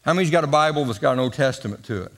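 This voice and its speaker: A man's voice: medium pitch, lively intonation, rapid-fire, a bit bright, long reverb tail. A man preaching a sermon, leading call-and-response and drawing out his phrases for drama. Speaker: pastor.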